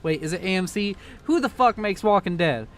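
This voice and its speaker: A young man casting a strategy video game, excitable and joking, swearing freely as he reacts to the action. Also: high-pitched, fairly quick. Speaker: game caster. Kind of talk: casual profane game commentary.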